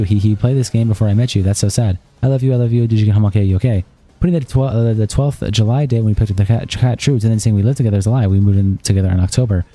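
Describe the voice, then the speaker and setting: A man on a live stream, reading a written statement aloud in a rapid, flat way, stumbling and restarting now and then. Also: on the low side.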